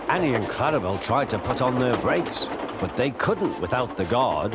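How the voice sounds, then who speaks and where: A man narrating a children's storybook, reading expressively. His pitch sits in the middle yet moves lively up and down. Loud music plays under his voice. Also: moderate pace.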